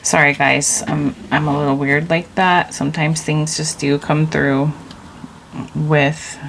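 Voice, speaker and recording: Slow, gravelly-voiced woman tarot reader. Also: low-pitched, little pitch movement, a bit bright, slight background noise, rough recording. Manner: loose and rambling, leaning on "like". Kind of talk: casual intuitive tarot reading.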